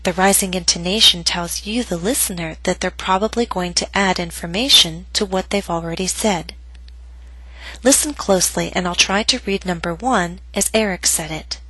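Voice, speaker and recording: A woman's voice: lowish voice, moderate pace, bright, forceful tone, husky, no echo, rough recording. A woman giving a scripted pronunciation lesson, speaking patiently and articulating carefully. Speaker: pronunciation teacher. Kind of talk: scripted instructional narration.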